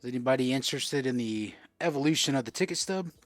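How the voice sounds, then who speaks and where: A man's voice: medium pitch, animated, fast, no room sound, soft background music. Chatty man hosting a live card sale. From South Florida. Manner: chatty, reads out and answers viewer comments while selling cards. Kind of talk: casual live-stream chat.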